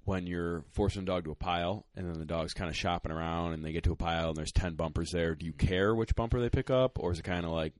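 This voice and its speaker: A deep-voiced man hosts a casual podcast, reading listener questions with relaxed hesitation and frequent ums. His voice is recorded dry, with no room echo. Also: fast talker, hardly any pauses.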